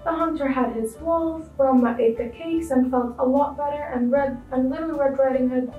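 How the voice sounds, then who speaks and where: High-voiced woman reading a children's story. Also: moderate pace, reverberant, recorded from a distance, narrow, tinny audio, soft background music. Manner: clear expressive storybook reading. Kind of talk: children's story read aloud.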